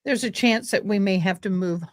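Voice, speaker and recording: A woman's voice: medium pitch, moderate pace, no echo. A woman hosting a casual livestream chat, rambling and exclaiming as she talks. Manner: rambling, exclaiming, self-interrupting. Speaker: livestream host.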